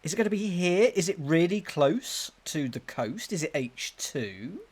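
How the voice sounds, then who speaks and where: A man's voice: fairly high pitch, sing-song, a little slow. A man hosting a let's play, thinking aloud, muttering to himself and reading out game text. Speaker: gaming channel host.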